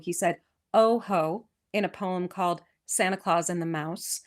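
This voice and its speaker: A woman with a West Coast American accent hosting a podcast. She reads an old poem aloud, then chats about its history in a lively, enthusiastic way with frequent restarts. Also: medium pitch, normal speed. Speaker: podcast host. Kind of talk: poetry reading and casual history chat. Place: lives in England.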